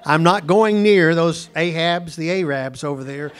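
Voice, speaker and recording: A man teaching a Bible lesson as a home missionary, telling an anecdote in an animated way and acting out both sides of a conversation. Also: a little high, unhurried, slight background noise.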